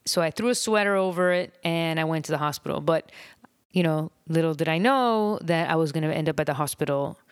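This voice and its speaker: A woman hosting her own podcast, talking in a reflective, rambling way with soft laughs and long pauses, unedited. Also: sits low, clean tone, no room sound, clean studio sound. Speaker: podcast host. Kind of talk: unedited personal podcast monologue.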